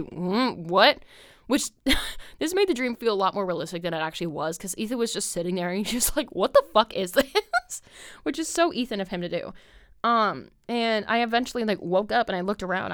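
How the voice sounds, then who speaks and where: A young woman hosting a podcast delivers a long, casual, rambling monologue, filler-heavy and swearing a lot. Her mid-range voice is expressive and fast, in a dry, clean studio recording.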